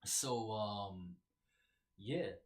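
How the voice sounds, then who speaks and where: A man's voice: fairly low pitch, drawn-out words. A man hosting a podcast, talking in casual solo commentary with many ums and repeated words. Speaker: podcast host.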